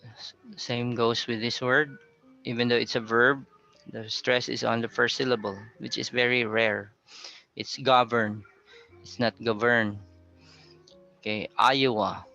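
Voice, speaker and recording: Male teacher, patient classroom lecturer, bright voice with a gravelly edge, quizzes his class. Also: medium pitch, flat delivery, unhurried. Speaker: pronunciation teacher. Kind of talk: classroom lecture on word stress. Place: classroom with a blackboard. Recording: dull lo-fi sound with faint music.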